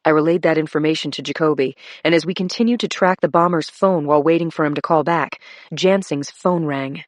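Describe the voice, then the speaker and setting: Woman, audiobook narrator, low voice, dry close sound, steady and measured. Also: no room sound. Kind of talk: scripted first-person thriller narration.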